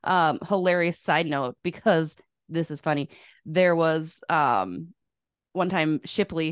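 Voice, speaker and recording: A woman's voice: sits low, no room sound, studio quality. A woman co-hosting a podcast, teasing her co-host and telling funny side stories. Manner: teasing, playful storyteller. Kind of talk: casual chat.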